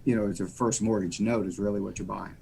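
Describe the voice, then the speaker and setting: A man's voice: on the low side, fairly even intonation, fast talker, vocal fry, mellow, slight background noise. A man from the United States, a mortgage lender guest on a podcast, explaining loans in a folksy, rambling way. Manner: folksy, rambling explanations full of "you know". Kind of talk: casual podcast interview.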